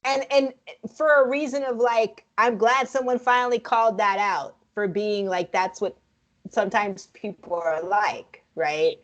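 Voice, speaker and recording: A woman co-hosting a casual film review chat, frank and profane, speaking in an animated way. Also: medium pitch, measured pace. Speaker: podcast co-host.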